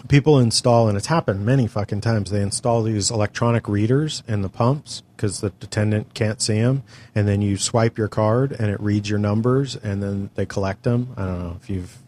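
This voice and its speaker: A man's voice: on the low side, moderate pace, darkish tone, slight background noise. A middle-aged man from California telling a long story in casual chat, exasperated and full of profanity. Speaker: podcast co-host telling a story.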